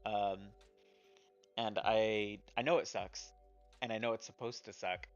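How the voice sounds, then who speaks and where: A man's voice: on the low side, steady tone, measured pace, lo-fi sound, soft background music. A man casually talking about the small games he has made, rambling and self-deprecating with many fillers. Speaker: indie game developer and streamer. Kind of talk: casual chat showing his games.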